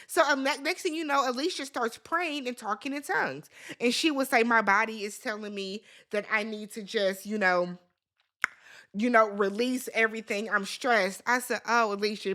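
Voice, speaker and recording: A woman's voice: on the high side, expressive, normal speed, bright, forceful tone. A woman hosting a reality TV recap, talking in a casual, sassy, opinionated way straight to her viewers.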